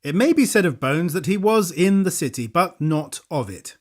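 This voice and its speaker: A male audiobook narrator with a slightly high voice, reading a thriller in a measured, steady way. The delivery is even and unhurried, the plain voice of a storyteller. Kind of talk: scripted narration.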